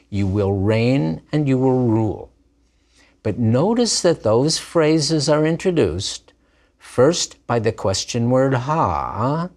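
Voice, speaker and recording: A man teaching a grammar lesson in slow, deliberate speech with playful asides. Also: medium pitch, a little mellow. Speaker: language teacher. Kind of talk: scripted Hebrew grammar lesson.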